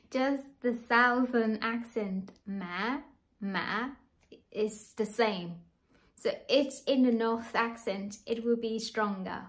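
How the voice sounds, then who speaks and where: A Vietnamese-native woman teaching a beginner lesson, speaking slowly and carefully and repeating each sound for the viewer. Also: fairly high pitch.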